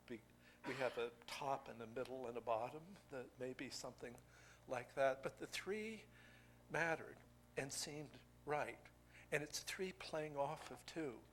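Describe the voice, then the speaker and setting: An older man giving a poetry craft lecture to an audience, musing and digressive, thinking aloud with pauses. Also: mid-range voice, a bit bright, a little hiss or hum.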